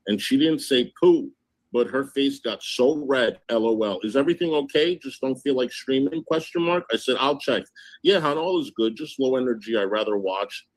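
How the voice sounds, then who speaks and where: Brief: male livestream host, mid-pitched, indignant, reads texts aloud in a casual retelling. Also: normal speed.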